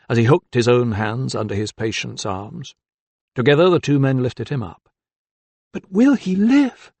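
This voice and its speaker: A man narrating an audiobook with a dramatic, expressive reading. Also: mid-range voice, no room sound.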